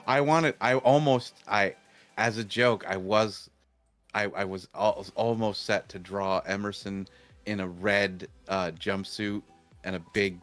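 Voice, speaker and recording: A man's voice: fairly low pitch, fairly even intonation, measured pace, a bit bright, faint music behind. A man chatting casually on a livestream, rambling and restarting his sentences, often laughing at his own jokes.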